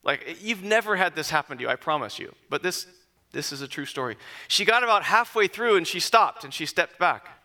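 A man in his forties telling personal stories to an audience, lively at first and then quiet and reflective. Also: fairly high pitch, brisk. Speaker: speaker addressing an audience. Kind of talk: personal storytelling talk.

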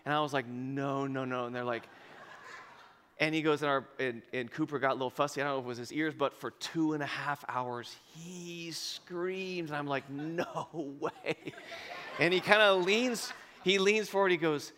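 A man preaching a sermon as pastor, telling a story with lively acted-out dialogue and bursts of laughter. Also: mid-range voice, a little fast, clean tone. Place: church auditorium. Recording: long reverb of a large hall.

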